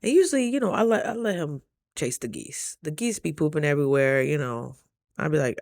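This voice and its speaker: A woman vlogger from Idaho chatting casually to camera, telling stories with animated, loud quoted asides. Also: deep voice, a little fast, creaky, no echo, studio quality.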